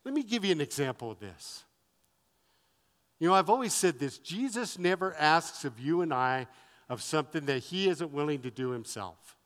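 Emphatic high-voiced male preacher. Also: animated, normal speed, fairly bright tone, big-room sound. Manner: emphatic, repetitive preaching cadence. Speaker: pastor. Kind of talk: sermon.

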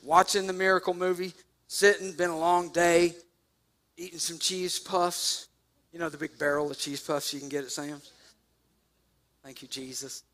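A man preaching a sermon, telling a story with jokes and sudden loud bursts. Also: a little high, fairly even intonation, normal speed, long pauses. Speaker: pastor.

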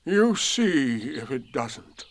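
A man voicing a gloomy, self-pitying old donkey in a storybook reading, with a slow, mournful, sarcastic delivery. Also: mid-range voice, big pitch swings, full character voice.

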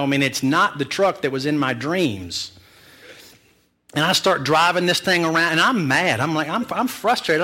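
Male pastor, sermon storyteller; bright, punchy tone, animated and self-mocking. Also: on the high side.

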